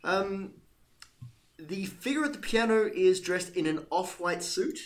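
A man with a high-pitched, expressive voice serves as game master for a tabletop game, narrating a little slowly. He hesitates, often restarts and repeats words, and is self-deprecating.

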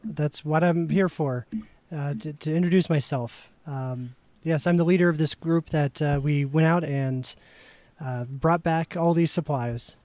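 A man's voice: on the high side, measured pace, a little mellow, dry recording. A man playing his character in a tabletop game, hesitant and full of fillers. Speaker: player.

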